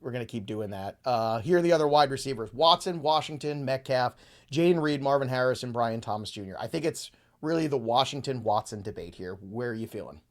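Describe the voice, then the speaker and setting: A man's voice: mid-range voice, lively intonation, brisk. A man hosting a casual podcast chat, rattling off lists of names and thinking aloud as he goes. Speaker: podcast host. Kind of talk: casual fantasy football chat.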